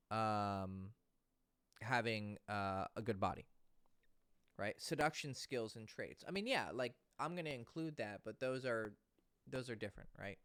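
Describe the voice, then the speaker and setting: A man's voice: mid-range voice, a bit bright, clean tone, no echo, studio quality. A man working as a dating coach, talking casually and bluntly, swearing now and then and answering viewer questions. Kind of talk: casual livestream talk.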